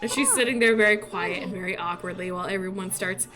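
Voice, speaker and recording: A woman giving casual, chatty game commentary with excitable, gushing reactions. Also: mid-range voice, fast, over music. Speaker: gaming YouTuber.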